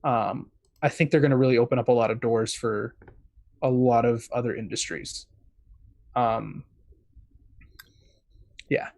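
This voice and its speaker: A man's voice: medium pitch, steady tone, a little slow, creaky, long pauses, darkish tone, no room sound. A man in a casual chat as a guest correspondent, rambling with many fillers.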